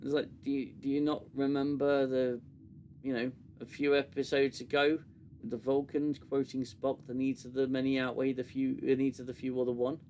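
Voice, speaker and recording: A man's voice: medium pitch, flat delivery, moderate pace, darkish tone, slight background noise. A man hosting a casual review chat, sarcastic and exasperated, often restarting his sentences. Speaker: podcast host.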